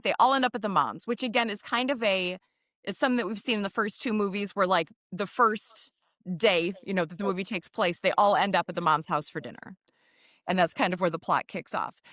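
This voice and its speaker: A woman with a bright, sharp-edged voice recaps a film's plot for a podcast. She rambles easily, strewing her sentences with fillers. The sound is dry and close to the mic. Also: mid-range voice, dry recording. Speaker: podcast co-host. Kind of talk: casual chat, recapping a film.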